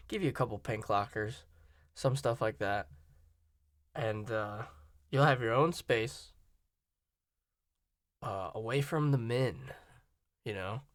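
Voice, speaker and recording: A man's voice: mid-range voice, dry recording, clean studio sound. A man from Virginia and Florida talking in a casual, rambling, opinionated monologue and often cutting himself off. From Virginia and Florida, USA. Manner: opinionated, rambling, self-interrupting.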